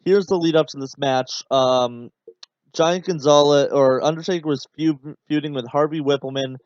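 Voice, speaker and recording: A man's voice: fairly high pitch, steady tone, normal speed, a little mellow, dry recording. A man hosting a podcast, talking casually over a match he is watching, rambling with many fillers and turning sarcastic and exasperated. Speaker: podcast host. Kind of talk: casual watch-along commentary. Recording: dull, dry podcast mic.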